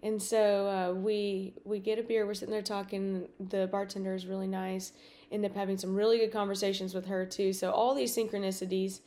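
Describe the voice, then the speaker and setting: A woman podcast host telling a personal story in a casual, animated way, with many fillers and acted-out dialogue. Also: mid-range voice, fairly quick.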